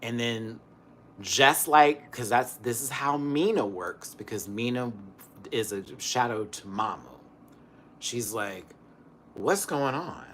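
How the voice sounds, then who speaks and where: A man ranting casually on camera, swinging between loud outbursts and hushed muttering, still recovering from an illness. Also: medium pitch, slow, slight background noise. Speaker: vlogger.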